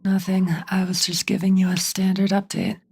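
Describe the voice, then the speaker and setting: A woman puts on a young male tactician as a shambling zombie, whispering in a hollow, voiceless hush. The voice sounds drained of life. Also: mid-range voice, completely flat delivery, normal speed, slight background noise, lightly acted. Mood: eerie.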